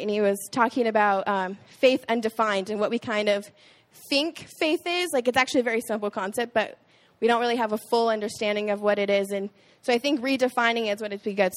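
A young woman, a small group leader, giving a casual, chatty Bible talk to a youth group, with many filler "likes". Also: mid-range voice.

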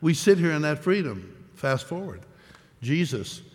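A man's voice: fairly high pitch, big pitch swings, in a large hall. A man preaching a sermon in an earnest way, repeating phrases for emphasis. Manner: earnest, repetitive emphasis, measured delivery.

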